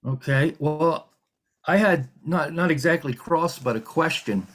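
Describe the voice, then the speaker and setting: A man serving as hearing examiner, running a formal remote hearing in a measured, halting way with frequent fillers. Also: fairly high pitch, a bit bright.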